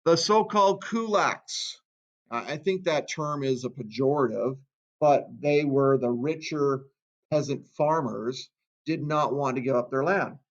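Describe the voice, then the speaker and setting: Casual male teacher lecturing on history, mid-pitched, dull lo-fi sound. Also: unhurried. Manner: casual, reads quotes aloud then comments. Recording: dull lo-fi recording.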